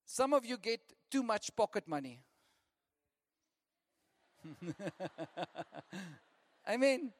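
A man preaching a lively sermon, often laughing and repeating lists for emphasis. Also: very high-pitched, drawn-out words, pauses often. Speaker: pastor. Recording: long reverb of a church hall.

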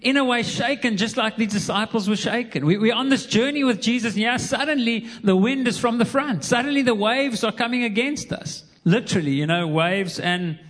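Man, pastor, sermon, high voice, earnest, long church-hall reverb. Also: brisk, few pauses, fairly bright tone. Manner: earnest, repeats words when emphasizing.

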